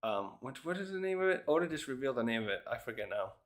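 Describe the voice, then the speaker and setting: A man's voice: mid-range voice, very animated, fast talker. A man casually reviewing a manga chapter, thinking aloud with frequent restarts and fillers. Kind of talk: casual rambling commentary.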